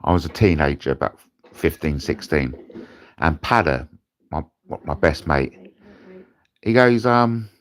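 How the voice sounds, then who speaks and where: A man's voice: rumbling low, expressive, a little slow, long pauses. A British man hosting a rambling livestream from his bed, crude and jokey, swearing freely. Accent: British English. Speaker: host. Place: in bed at home.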